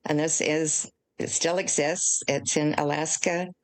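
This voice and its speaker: An older woman from the United States, an author speaking as an interview guest, explaining in an earnest, measured way. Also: deep voice, fairly even intonation, poor audio. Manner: earnest, emotional at times, measured.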